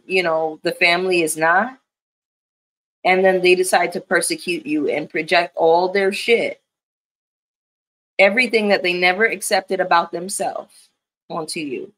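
A woman speaks in a low, grounded voice. Her talk is casual and candid, emphatic and loose with profanity, like a vlogger chatting straight to her viewers. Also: fairly even intonation, normal speed, a bit bright. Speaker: commentary vlogger. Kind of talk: casual chat.

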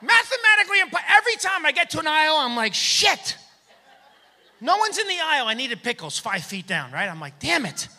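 Male stand-up comic, high-pitched, lively, acts out shouted bits, live theater reverb. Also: fast talker, few pauses. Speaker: stand-up comedian. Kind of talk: stand-up comedy set. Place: theater stage. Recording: long hall reverb from a theater.

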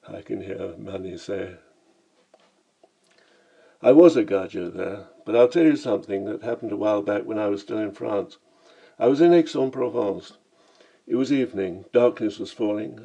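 Low, mellow man reading his memoir. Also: low-quality recording. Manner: vivid, storytelling, dramatic shifts in tone. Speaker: memoir narrator.

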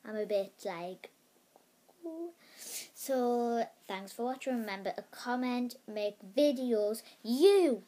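A woman's voice: on the high side, expressive, slow pace, warm tone. A woman putting on an American accent to play a bubbly, boastful girl vlogger who gushes and keeps saying "like". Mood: gushing. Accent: American (put on). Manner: gushing, peppered with "like".

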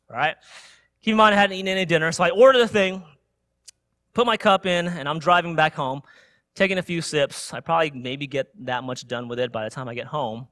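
Young male preacher, high and bright voice, dry close sound, lively sermon storytelling. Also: moderate pace, no room sound. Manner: animated storytelling with frequent "right?" tag questions. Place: church sanctuary.

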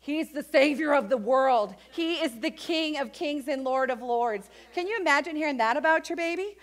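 A woman pastor preaching a lively sermon in church, reading scripture and acting out quoted voices. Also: sits high, normal speed. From United States. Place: church sanctuary.

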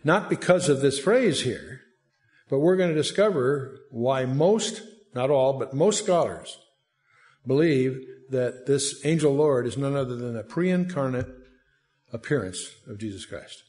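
A man's voice: medium pitch, expressive, a little slow, darkish tone. A man giving a Bible study lecture, talking in a conversational, digressive way with asides and reading scripture aloud. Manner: reads scripture aloud in a lifted voice. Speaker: Bible teacher.

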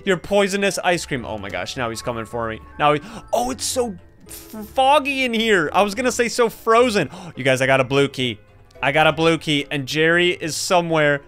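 A young gaming YouTuber with a high voice speaks at a normal pace, providing let's-play commentary on a horror game over game music. He's excitable, addresses viewers as "you guys," and yelps and shouts at every scare.

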